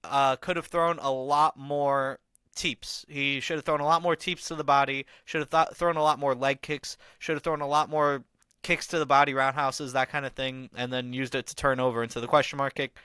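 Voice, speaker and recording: A man's voice: mid-range voice, little pitch movement, normal speed, pushed and bright, smooth, dry recording. A man hosting a podcast, breaking down a fight in a rambling, casual way with lots of fillers and slang. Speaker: podcast host. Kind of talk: casual fight analysis monologue.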